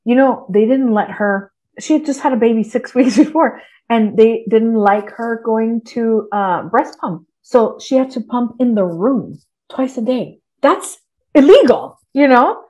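Animated, swearing woman guest in casual chat. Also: a little high, measured pace. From Texas. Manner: animated, swears freely, laughs often. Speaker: podcast guest, writer.

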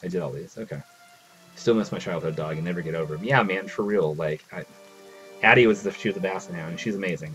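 A man with a very low, slightly bright voice streams a game live, talking casually to his audience and narrating the game's text as he goes.

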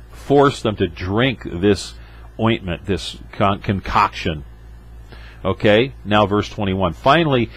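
A man's voice: on the low side, husky, poor audio. A man pastor preaching a sermon, emphatic, with rhetorical asides to his congregation.

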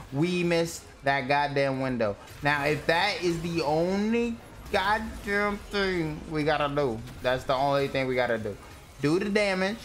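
A young man streaming a game live, ranting at his teammates in an irritated, profane way. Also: fairly high pitch. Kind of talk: live gameplay commentary.

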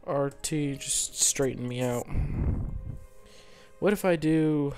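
Speaking slowly in a fairly high, slightly mellow voice, a gaming channel host talks over music. His casual commentary wanders as he fumbles through the game, teasing himself and quietly making sound effects.

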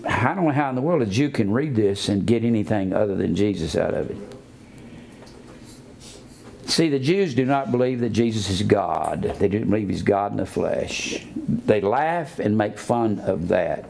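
A man preaching a sermon, spelling out words letter by letter and swinging between low asides and raised emphatic preaching. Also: lively intonation, normal speed, creaky, darkish tone, slight background noise.

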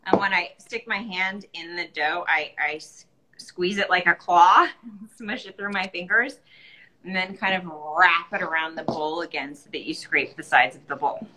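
A woman's voice: fairly low pitch, moderate pace, heavy background noise. A tired young woman in a casual how-to chat, patiently explaining baking steps with a playful edge. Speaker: actress showing how to bake bread.

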